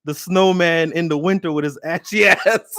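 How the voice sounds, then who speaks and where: A man's voice: fairly high pitch, moderate pace, fairly bright tone. A man co-hosting a casual chat, reading viewer comments aloud in a laid-back way and laughing.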